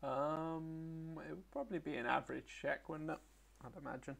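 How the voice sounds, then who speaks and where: A man's voice: fairly high pitch, steady tone, moderate pace, vocal fry, fairly bright tone. A man running a tabletop game as game master, talking hesitantly with many fillers.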